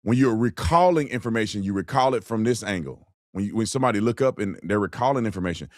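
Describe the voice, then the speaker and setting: A man's voice: fairly low pitch, animated, quick pace, dry recording, studio quality. A man hosting a commentary show, talking bluntly and emphatically in a colloquial way. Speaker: host. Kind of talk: political commentary with ad read.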